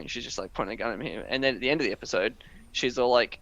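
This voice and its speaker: A man's voice: mid-range voice, fast talker, sharp tone, dull audio. A young man co-hosting a casual podcast chat, rambling with many fillers as he retells scenes. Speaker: podcast co-host.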